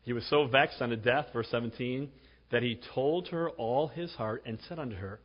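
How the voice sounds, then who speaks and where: A man's voice: mid-range voice, moderate pace. A man in his forties preaching a sermon as pastor, chatty and jokey, often tagging "right?". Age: 40s. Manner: conversational, jokey, repeats "right?". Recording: dull sound with long hall reverb.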